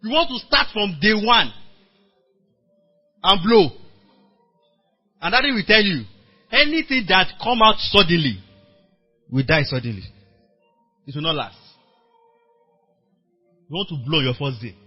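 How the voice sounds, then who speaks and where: A Nigerian man preaching to a church workers meeting in a high, husky voice. He tells his story with lively acted-out dialogue and prompts the congregation to answer back. The sound is dull and lo-fi, like a church recording. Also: measured pace, long pauses, faint music behind. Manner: animated storytelling, acting out quoted dialogue; calls on the congregation to respond. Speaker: pastor.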